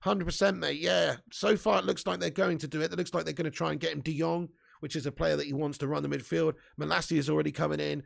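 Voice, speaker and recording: A man hosts a live fan stream in a high voice with a heavy gravelly rasp. He chats loosely with his viewers, reads out their comments, laughs a lot and swears casually. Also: steady tone, fast, few pauses. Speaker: football fan channel host.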